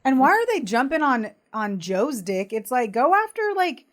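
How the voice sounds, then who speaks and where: A woman's voice: on the high side, big pitch swings, normal speed. A woman co-hosting a casual podcast who reacts to the story with blunt sarcasm. She swears freely and pushes back with pointed questions. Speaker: podcast co-host. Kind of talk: casual chat.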